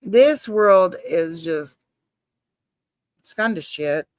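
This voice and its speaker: A woman's voice: on the low side, animated, very slow, no room sound. A woman chatting casually on a live stream, rambling and swearing, reacting to her chat and calling herself a nervous person.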